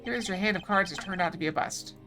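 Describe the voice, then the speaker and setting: A woman voicing a smug male diplomat villain in a video game, speaking in a measured, dismissive way. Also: mid-range voice, lightly acted. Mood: haughty. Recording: music playing underneath.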